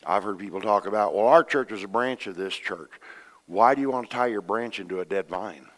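A middle-aged man, a pastor preaching a sermon, animated, acting out voices in his stories and swinging between loud and soft. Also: fairly low pitch, brisk. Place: church sanctuary. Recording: long reverb of a church hall.

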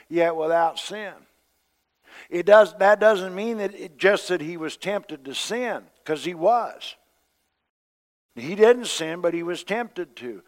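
Guy preaching, kinda higher voice, chatty sermon, goes loud then quiet, big reverby hall. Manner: conversational preaching, acting out quoted voices, swings between loud and soft.

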